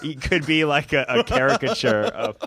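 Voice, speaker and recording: Podcast guest, male, average pitch, halting speech, dry close mic. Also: very animated, a bit bright, no echo. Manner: hesitant, restarts often. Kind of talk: casual podcast chat.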